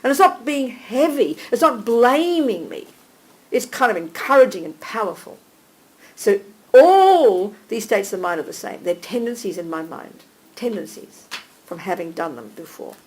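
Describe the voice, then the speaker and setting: A woman teaching a small group live, animated and direct, checking in with listeners by name and calling them darling. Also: mid-range voice, normal speed, poor audio. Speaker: Buddhist teacher.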